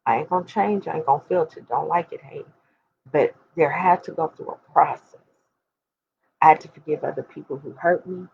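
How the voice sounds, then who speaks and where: A woman in her forties hosts and speaks candidly and emphatically to her viewers, addressing them directly like a preacher about personal matters. Her voice is low, creaky and a little mellow, at a moderate pace, and the recording has its highs cut off with a slight hiss or hum.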